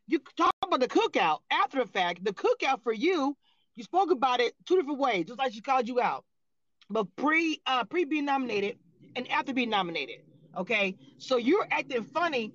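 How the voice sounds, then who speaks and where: A woman's voice: high voice, lively intonation, fairly quick, a bit bright, no echo, dull audio. A woman commentating on reality TV in a livestream reaction, blunt, profane and heated.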